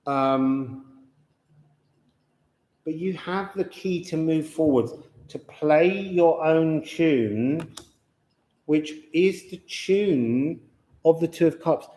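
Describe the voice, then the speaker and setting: A man reads tarot and astrology cards to his viewers, musing slowly and drawing words out, with chatty asides. His voice sits a little high. The room around him is echoey. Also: mellow. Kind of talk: unscripted card reading to viewers.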